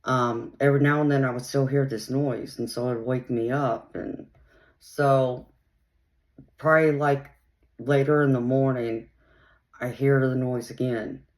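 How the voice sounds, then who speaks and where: A woman's voice: a bass voice, fairly even intonation, a little slow, a little mellow. A woman hosting her own channel, casually telling a personal story in a rambling way, filled with "um" and "you know". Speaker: channel host.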